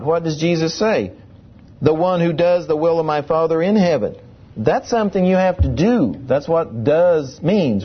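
A man's voice: high voice, husky, highs cut off. A man preaching a sermon, emphatic and full of rhetorical questions.

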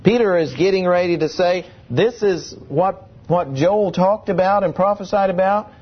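Male preacher, higher voice, husky, dull lo-fi sound, emphatic sermon delivery. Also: normal speed. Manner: emphatic, rhetorical questions.

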